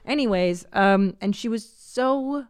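A woman's voice: medium pitch, takes it slowly, clean tone, dry recording, studio quality. A woman in her forties hosting a podcast, talking in a chatty, rambling, self-deprecating comic way. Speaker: podcast host. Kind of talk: casual comedic monologue.

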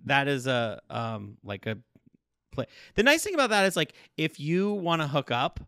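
A young man chats casually, rambling and laughing as he goes. His voice sits a bit high and sounds bright and forceful. The recording is dry and close. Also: sing-song, normal speed, smooth, no echo. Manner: rambling, laughs often, says "dude". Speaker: podcast co-host. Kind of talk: casual chat.

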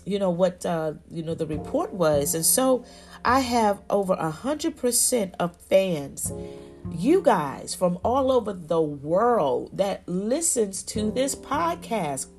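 A woman's voice: mid-range voice, sing-song, takes it slowly, darkish tone, faint music behind. A woman hosting a faith podcast, talking effusively and exclaiming often, with frequent "you know" and "y'all". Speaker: podcast host.

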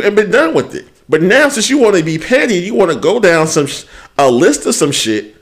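Male podcast co-host, lively swinging pitch, cussing and ranting. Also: a little fast. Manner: profane, animated ranting; quotes people in put-on voices. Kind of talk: casual chat.

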